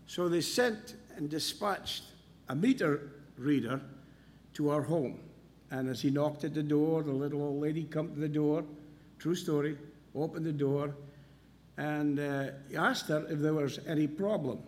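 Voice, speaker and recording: A man's voice: fairly high pitch, a little slow, a little mellow, big-room sound, a little hiss or hum. A man from Scotland, preaching a sermon and telling homely stories with asides.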